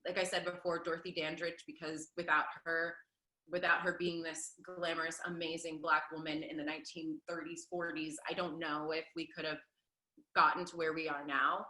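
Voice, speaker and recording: Lively woman guest in an echoey room. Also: sits low, moderate pace. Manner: animated, laughs often, many fillers. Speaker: Broadway performer, guest. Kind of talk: casual interview answers.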